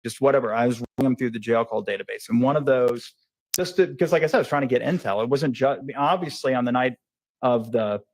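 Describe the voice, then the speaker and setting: Male witness, investigator type, fast and rambling, pitch mid-range. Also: darkish tone. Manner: rambling, fast, self-correcting with fillers. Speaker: police investigator testifying as witness. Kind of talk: courtroom testimony. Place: courtroom.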